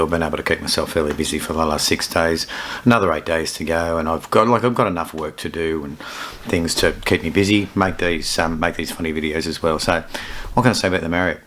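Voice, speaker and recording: A man's voice: rumbling low, fairly bright tone, a little hiss or hum. A middle-aged man chatting casually in a self-filmed vlog from his hotel room, rambling and joking as he corrects himself. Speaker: vlogger in hotel quarantine.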